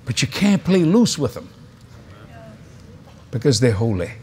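A man's voice: mid-range voice, sing-song, measured pace, a little mellow. A male preacher delivering a convention sermon, telling stories animatedly with laughs and asides.

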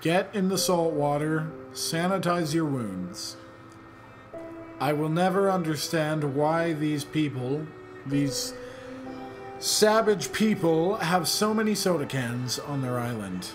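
A man's voice: on the high side, lively intonation, slow pace, music in the background. A young man giving casual, joking commentary while playing a video game, rambling and sarcastic. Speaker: let's play gamer.

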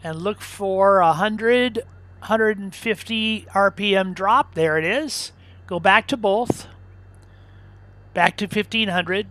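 A man's voice: high voice, fairly bright tone. Easygoing man giving flying advice. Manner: easygoing, instructive, rambling with fillers and restarts. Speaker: flight sim video host. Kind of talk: casual talk while flying a simulator.

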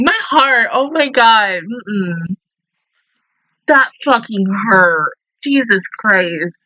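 A woman hosting an anime reaction video, gushing excitedly and swearing freely in casual commentary. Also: a little high, very slow, dry recording, dull audio.

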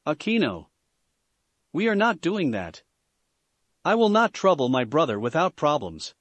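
A man's voice: a little high, sing-song, a little slow, no echo. A man voicing a proud, stubborn young devil heiress who talks insistently. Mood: defiant. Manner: insistent, sharp-tongued.

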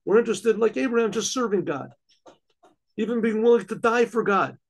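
A man playing a gravelly, stern king. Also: expressive, a little fast, exaggerated voice. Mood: earnest. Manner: dramatic, swells from low menace to loud orders. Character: stern commanding king, later gentle.

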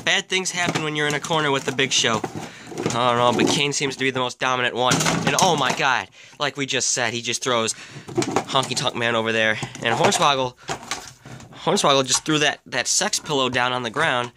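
Excitable man doing mock wrestling commentary. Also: medium pitch, brisk, heavy background noise. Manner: excitable, exclaiming, deadpan asides.

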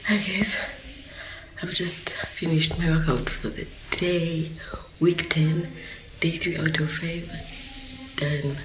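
A young woman from Uganda talking casually to her phone camera in a vlog, chatty and often sliding into soft half-whispered asides. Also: sits low, fairly even intonation, slow, pauses often, noisy background. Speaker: vlogger.

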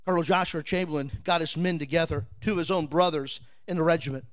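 A man preaching a sermon as a pastor in a revival tent, telling a war story with dramatic swings from a shout down to a hush. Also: on the high side, fairly even intonation, quick pace, no room sound.

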